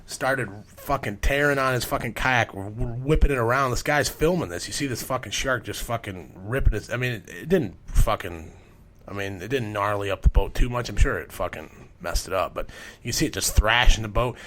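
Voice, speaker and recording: A man's voice: mid-range voice, normal speed, fairly bright tone. A man hosting a podcast, telling stories in a casual, rambling way and swearing constantly. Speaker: podcast host.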